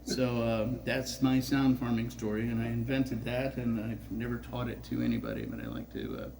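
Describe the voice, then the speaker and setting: A man's voice: mid-range voice, lively intonation, moderate pace, creaky, darkish tone, a little hiss or hum, poor audio. A man in his sixties telling a rambling, profane personal story on a festival stage, full of filler words. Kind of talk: live storytelling.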